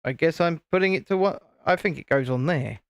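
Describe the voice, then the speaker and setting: A man's voice: fairly high pitch, a little fast, clean tone, no echo, clean studio sound. A man, hosting a casual live stream, chatting and teasing while he builds a model. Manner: chatty, teasing, self-deprecating.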